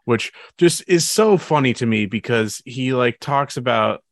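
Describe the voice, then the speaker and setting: A man's voice: mid-range voice, lively intonation, unhurried, no echo, studio quality. A man hosting a casual gaming podcast, talking in a meandering, laid-back way. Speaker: podcast host. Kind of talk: casual chat.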